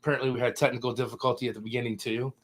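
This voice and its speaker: A man's voice: medium pitch, flat delivery, very fast. A man hosting a live podcast, chatting loosely and getting mixed up over his guests' names. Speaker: podcast host. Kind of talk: casual live-stream chat.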